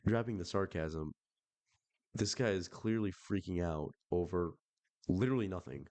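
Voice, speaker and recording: A man's voice: low-pitched, normal speed, darkish tone, dry recording. A young man casually reading out and commenting on online messages, in a sarcastic, blunt manner with free swearing. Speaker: reddit story reader.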